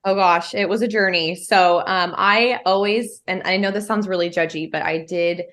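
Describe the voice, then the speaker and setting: A woman's voice: fairly low pitch, steady tone, normal speed, fairly bright tone. Chatty woman telling her story. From California. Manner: chatty, frequent fillers like "um" and "like". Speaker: interview guest, homeschooling mother of three. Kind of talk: casual conversational storytelling.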